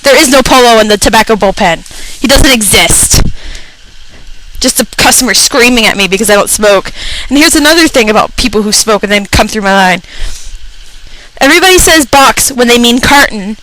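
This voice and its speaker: Exasperated woman ranting, high voice. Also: animated, a little fast, fairly bright tone, slight background noise, rough recording. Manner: exasperated, profane, acts out customers. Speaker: radio show personality. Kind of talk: comedic rant.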